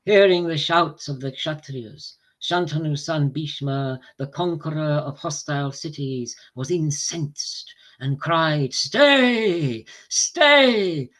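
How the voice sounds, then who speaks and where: A man reads an ancient epic aloud to a small group. His delivery is slow and measured, with clear pauses between phrases. His voice sits slightly higher than most men's. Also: steady tone. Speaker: reader of scripture to a group.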